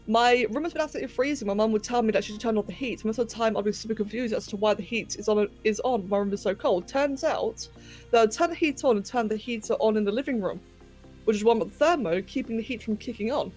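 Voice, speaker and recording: A young woman streams a game from her bedroom and chats easily with her viewers. She giggles often and keeps up a running commentary as she builds. Her voice sits a little high, with soft music playing behind. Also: fast. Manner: chatty and giggly, chatting to viewers while working. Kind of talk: casual livestream chat while playing a game. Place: home bedroom.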